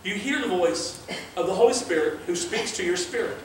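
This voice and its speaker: A man's voice: high-pitched, expressive, fairly quick, slight background noise. A male pastor preaching a sermon in an earnest, conversational way, weaving in scripture readings. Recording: very echoey room, mic far off.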